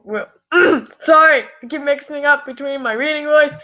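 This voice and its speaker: In muffled lo-fi audio, a woman with a high, pushed, bright voice reads fan fiction on a live stream at a normal speed. She's tired and her throat is scratchy, and she fills the reading with giggles, rambling, and apologetic remarks.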